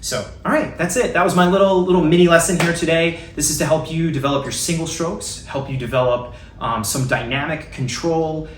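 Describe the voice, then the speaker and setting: A man giving a casual spoken drum lesson, talking in a relaxed, rambling way with many ums and restarts. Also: on the high side, brisk, few pauses, recorded from a distance, a little hiss or hum. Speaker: drum teacher. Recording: roomy echo, away from the mic, faint ambience.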